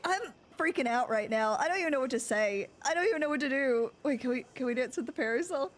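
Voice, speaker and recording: Young woman streamer, very high voice, excitable and swearing. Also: fast, hardly any pauses, a little hiss or hum. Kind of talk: live-streamed game roleplay chat.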